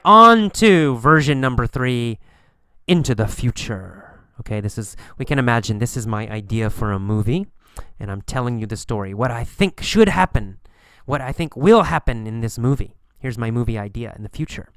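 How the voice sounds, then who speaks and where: Male English teacher for an audio lesson; resonant, deliberate, repeats key phrases, dead-dry room. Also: medium pitch, lively intonation, pushed and bright, clean tone, no room sound. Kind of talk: recorded language lesson.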